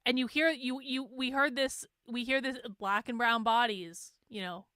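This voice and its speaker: A woman's voice: a little high, fairly even intonation, moderate pace, bright, forceful tone, clear, resonant tone, no room sound, clean studio sound. A woman hosting a commentary show, reacting with disbelief to old clips and explaining them. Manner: incredulous, reacting with exclamations. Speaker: host. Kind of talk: commentary over archival clips.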